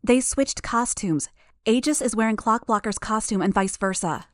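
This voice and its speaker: Woman doing a sharp, high young schemer. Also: moderate pace, dry recording, studio quality, natural voice. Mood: commanding.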